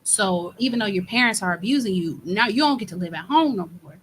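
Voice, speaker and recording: A woman's voice: medium pitch, animated, brisk, a bit bright, a little hiss or hum, rough recording. A woman co-hosting a podcast, speaking thoughtfully in casual conversation. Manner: thoughtful, affirming with short interjections.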